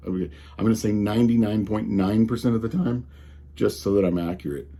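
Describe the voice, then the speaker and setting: A man's voice: medium pitch, dark tone, breathy edge. A man with a slight Colorado drawl, ranting casually and with exasperation about tech, often restarting his sentences. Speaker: tech commentator.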